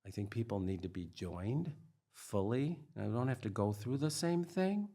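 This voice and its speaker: A middle-aged man with a slightly low voice talks openly as a trauma expert guest. He is earnest and emphatic, circling back with "like" and "you know" as he explains. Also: animated, moderate pace, mellow. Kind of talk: candid interview conversation.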